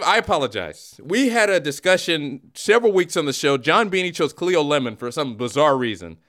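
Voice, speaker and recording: A man hosting a casual comedic sports talk show, animated and teasing. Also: a little high. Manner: animated, teasing, mock-dramatic. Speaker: podcast host.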